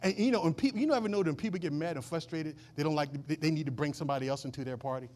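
A male pastor with a fairly high voice delivers a sermon. He swings between loud, driving declarations and hushed asides, and he keeps asking the congregation call-and-response questions. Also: racing.

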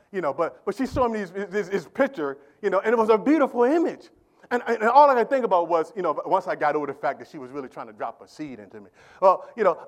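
High-voiced preacher calling out to a congregation. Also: male voice. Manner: call-and-response preaching, loud and quiet by turns; colloquial, repeats words. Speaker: pastor. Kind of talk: sermon.

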